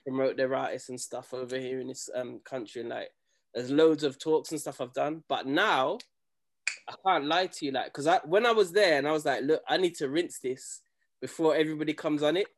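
A young man tells stories in a loose, slangy, animated way. His voice sits a little high for a man. It is a casual chat between friends. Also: fairly quick. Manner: animated storytelling, slangy, acts out quoted people.

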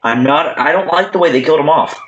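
A man's voice: fairly high pitch, fast, muffled recording. A young man on a podcast, casually reviewing a movie and acting out its scenes. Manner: animated, acts out scenes in character voices. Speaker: podcast co-host. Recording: echoey room.

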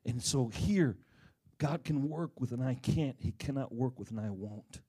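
A middle-aged man preaching a sermon, animated, swinging between loud bursts and hushed stretches as he acts out the people in his stories. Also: mid-range voice, measured pace, slightly rough. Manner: animated, dramatic swings in volume, acts out quoted voices.

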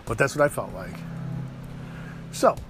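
A man's voice: medium pitch, animated, a little slow, music in the background. A middle-aged man telling stories in a casual, profane rant, acting out both sides of every argument in a worked-up way.

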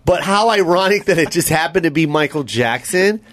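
Animated, profane man telling a story. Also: on the high side, moderate pace. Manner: animated, profane, swings from loud to hushed. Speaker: podcast co-host. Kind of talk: casual storytelling chat.

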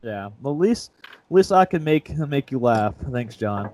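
A man's voice: mid-range voice, expressive, normal speed, darkish tone, slight background noise, low-quality recording. A young man co-hosting a casual sports podcast, retelling a story in a rambling, self-mocking way. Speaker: podcast co-host.

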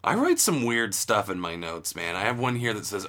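A man's voice: fairly low pitch, very animated, moderate pace, bright, forceful tone. A young man co-hosting a casual comedy podcast, making dry, crude jokes. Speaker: podcast co-host.

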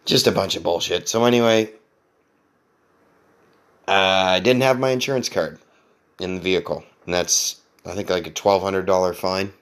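A man's voice: deep voice, steady tone, moderate pace, pauses often, a bit bright, clean tone. A man hosting a podcast, telling a long story casually, with lots of swearing, restarts and laughter. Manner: rambling, profane, self-mocking, laughs often. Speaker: podcast host.

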